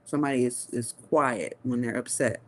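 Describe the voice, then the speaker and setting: A woman giving a live tarot reading, musing slowly with long hums and pauses, and talking in a casual, profane way. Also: very deep voice. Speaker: tarot reader.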